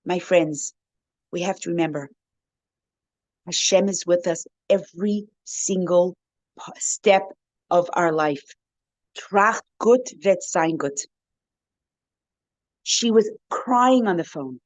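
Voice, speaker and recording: Over a video call, a rebbetzin gives an inspirational talk to a women's circle, animatedly telling a story full of "you know"s and restarts. Her voice is lowish and slow with long pauses, and the video-call audio is dull and dry.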